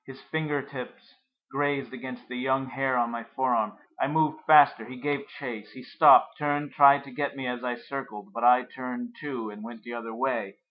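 A man narrating a first-person story in a measured, reflective way. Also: mid-range voice, fairly even intonation, lo-fi sound.

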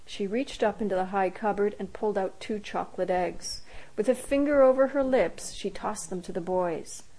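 Wry, animated woman reading her story. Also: mid-range voice, normal speed, rough recording. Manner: animated, wry, jumps into characters' voices. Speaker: narrator.

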